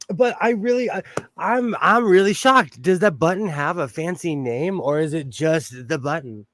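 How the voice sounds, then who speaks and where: Sewing on a casual livestream in his home sewing room, a man takes it slowly, speaking expressively in a rambling way punctuated by laughter. The voice is a bit bright and a little high, recorded close and dry with almost no echo.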